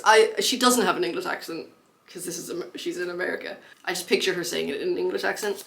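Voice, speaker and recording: Young adult woman, book vlogger, casual and chatty, full of fillers and quick laughs. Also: lowish voice, creaky.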